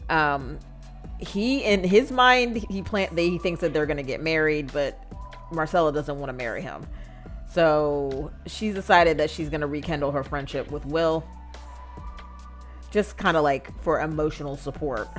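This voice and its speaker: Casting: low-pitched woman, chatty gameplay narrator, lots of fillers, faint music under her. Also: unhurried. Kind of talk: casual gameplay commentary.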